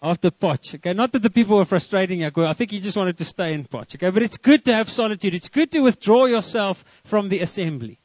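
A man preaches with a high voice, stopping often to put questions to his listeners. The recording is close and dry. It sounds a little muffled. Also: quick pace, few pauses, no room sound. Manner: lively, asks the congregation questions. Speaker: pastor. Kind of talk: sermon.

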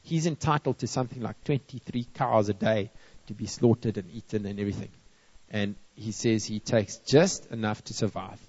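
A man's voice: fairly low pitch, moderate pace, slightly rough. A man preaching a sermon to a church, acting out complaining people and playfully scolding them. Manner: lively, acts out moaning people and scolds playfully. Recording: dull, long-reverb hall.

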